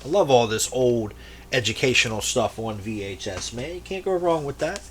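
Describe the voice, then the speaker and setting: An animated man with a mid-range, fairly bright voice talks at a moderate pace while showing off his tapes. As a VHS collector vlogger in casual show-and-tell mode, he rambles, jokes, and swears freely, with a little hiss or hum underneath.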